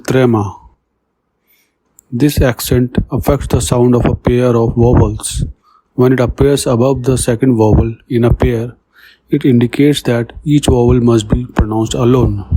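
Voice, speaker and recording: Male tutor, monotone lesson narration, mellow husky voice. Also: medium pitch. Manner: monotone, reads example words then their meanings. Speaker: French teacher. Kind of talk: slow scripted lesson narration.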